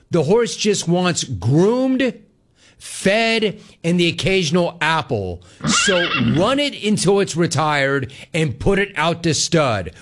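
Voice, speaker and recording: A man hosting a sports talk show, telling a long story in a casual, animated way. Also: medium pitch. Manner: animated storytelling, mimics callers and others in quotes. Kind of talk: casual radio-style monologue.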